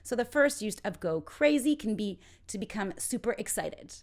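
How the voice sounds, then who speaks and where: Lively playful woman teaching English. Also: medium pitch. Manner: playful, acts out quick example dialogues. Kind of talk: informal ESL lesson.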